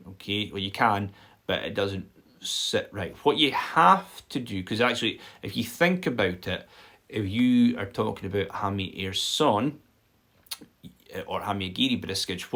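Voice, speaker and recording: A man with a somewhat low voice teaches a loose, live-streamed language lesson. He talks in a chatty, explaining way and keeps checking in with his viewers. The sound comes from a simple home stream setup. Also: vocal fry, pushed and bright. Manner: chatty and explanatory, many "okay?" check-ins and filler "um"s. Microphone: phone or built-in mic.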